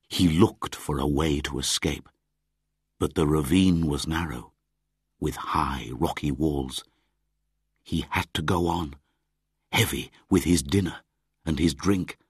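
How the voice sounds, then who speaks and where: A man reading a storybook aloud as the narrator, in a measured, deliberate way. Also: rumbling low, breathy edge, dry recording, studio quality.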